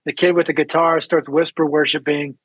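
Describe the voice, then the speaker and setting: A man telling a lively story as a guest speaker in an interview. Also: on the high side, breathy edge, dry recording, low-quality recording. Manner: energetic storyteller, quick and lively. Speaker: ministry founder and guest speaker.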